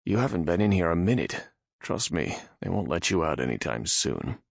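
A man's voice: sits low, sing-song, normal speed, gravelly, dry recording, full character voice. A man voicing an irritated, sarcastic male prisoner who talks dully and dryly. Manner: dry and sarcastic.

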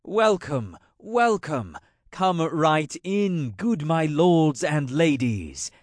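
A man's voice: medium pitch, very animated, moderate pace, fairly bright tone, no echo, clean studio sound. A man voicing a cheerful magical double of a king in an audiobook, agreeable and welcoming. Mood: hearty.

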